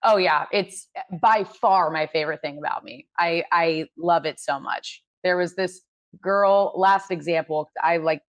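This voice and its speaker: A woman co-hosting a casual podcast chat who tells stories in an animated way, with quick asides. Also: fairly low pitch, no room sound. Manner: animated storyteller, quick asides, laughs often. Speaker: podcast co-host.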